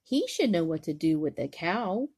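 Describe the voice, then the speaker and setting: A woman's voice: fairly low pitch, very animated, moderate pace, darkish tone, husky. A grandmother doing kind, easygoing zebras. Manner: friendly, easygoing.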